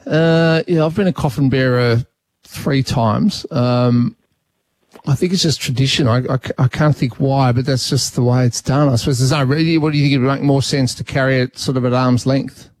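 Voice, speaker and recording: A talkback radio host, an Australian man, chats casually with callers and thinks out loud, often restarting his sentences. His mid-range voice is recorded dry and close on a studio mic. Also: mid-range voice, fairly even intonation, normal speed, no room sound. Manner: chatty, thinks aloud with restarts.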